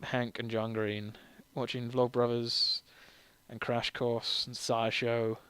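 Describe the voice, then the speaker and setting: A man's voice: mid-range voice, little pitch movement, slow pace, a bit bright, smooth, no room sound. A tipsy man chats loosely over his gameplay, wandering from thought to thought and laughing at himself. His voice sits close and dry, with no room sound around it. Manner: rambling, self-deprecating, laughs often. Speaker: game streamer. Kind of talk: casual let's-play commentary.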